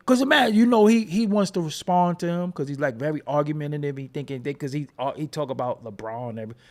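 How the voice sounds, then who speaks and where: A man hosting a casual commentary show, joking and riffing in slangy with frequent laughs. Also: fairly high pitch. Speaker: host.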